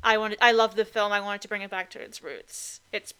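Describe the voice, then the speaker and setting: A woman's voice: mid-range voice, flat delivery, a little fast, fairly bright tone, clean tone. A woman co-hosting a podcast, chatting casually and with strong opinions about films, with lots of "like" fillers. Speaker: podcast co-host. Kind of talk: casual film chat.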